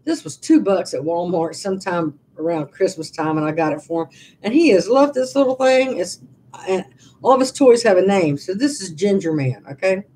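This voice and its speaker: This woman in her sixties, a vlogger, chats casually on a live stream from her living room with some slight background noise. Her fairly low, dark voice has lively intonation and a moderate pace, and her rambling stories restart many times.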